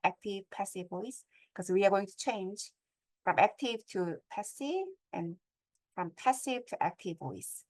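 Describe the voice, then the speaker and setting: A woman's voice: mid-range voice, expressive, unhurried. A middle-aged woman gives a step-by-step lecture on academic writing and keeps checking in with her audience through questions.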